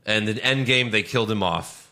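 A man in casual movie-review chat, ranting with swearing, his voice jumping high when he gets outraged. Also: normal speed, sharp tone. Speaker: podcast co-host.

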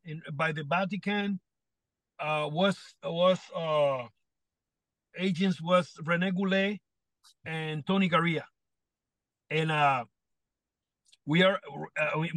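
A man's voice: fairly high pitch, a bit bright, no room sound. A man from Puerto Rico with a Puerto Rican Spanish accent, a guest telling stories animatedly and acting out the quoted lines, his English loose in grammar. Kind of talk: podcast storytelling.

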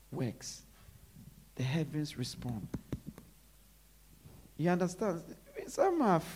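A preacher delivering a sermon who repeats phrases and drops to low murmurs between emphatic lines. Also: creaky, mellow, slightly rough.

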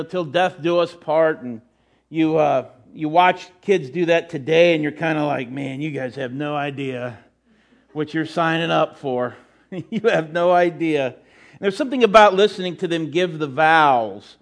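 A man's voice: a little high, a bit bright. A middle-aged man preaching a sermon in church as pastor, telling folksy, rambling stories with many fillers and restarts.

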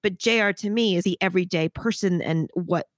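A woman's voice: lowish voice, a little fast, dry recording, studio quality. A woman hosting a podcast interview, talking frankly and emphatically and swearing casually. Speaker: podcast host. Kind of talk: candid interview conversation.

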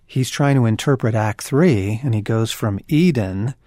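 A man's voice: mid-range voice, a little slow, dark tone, no room sound, clean studio sound. A man co-hosting a podcast conversation, talking about faith and suffering in an earnest, emphatic, preacherly way. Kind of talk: conversational Christian teaching.

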